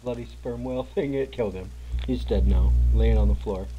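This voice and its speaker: A man's voice: lowish voice, a little fast, phone-quality sound, over music. A man casually chatting and joking while streaming a video game with a friend. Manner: laid-back, chatty, jokey. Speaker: gaming streamer. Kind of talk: casual gameplay chat.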